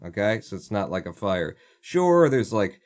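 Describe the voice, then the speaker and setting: A man's voice: fairly low pitch, sing-song, normal speed, a little mellow. A man hosting a casual livestream, ranting sarcastically and swearing freely as he chats. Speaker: livestream host.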